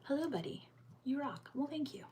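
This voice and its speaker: An American woman hosting a casual livestream from home. She chats and answers viewer comments aloud, and sometimes drops into soft muttered asides. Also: sits high, expressive, normal speed, background noise. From United States. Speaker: livestream host.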